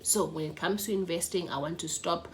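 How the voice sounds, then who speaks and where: A woman's voice: on the low side, steady tone, brisk, slight background noise. A young woman with a South African accent talking about money habits in a casual vlog, chatty and laughing often, slipping in Zulu words. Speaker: personal finance vlogger. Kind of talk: casual vlog talk to camera. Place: her mother's house.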